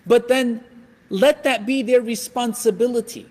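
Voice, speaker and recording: A man with a strikingly high voice gives a religious lecture with animated delivery, acting out everyday scenes as he goes. His voice rings out with the long reverb of a large hall. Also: a little slow. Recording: echoey hall.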